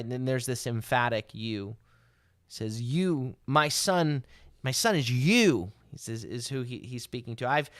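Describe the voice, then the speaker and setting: Rabbi guy teaching a devotional, mid pitch, keeps saying "right?", dry close sound. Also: fairly bright tone, clean tone, dry recording. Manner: explains verses with frequent "right?" and restarts, rising to emphatic exhortation. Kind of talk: sermon teaching.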